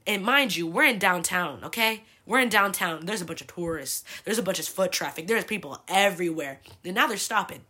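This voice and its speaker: A woman in her twenties hosting a podcast, telling a personal story in a casual, animated way, swearing freely and leaning on "like" a lot. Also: a little fast, hardly any pauses, husky. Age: 20s. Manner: acts out quoted people with big pitch jumps. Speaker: podcast host.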